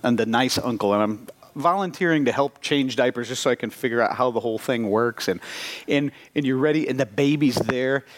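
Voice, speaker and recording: A man in his thirties preaching a sermon, telling a lively personal story and acting out the dialogue as he goes. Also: fairly high pitch. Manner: animated storytelling with acted-out dialogue. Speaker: pastor.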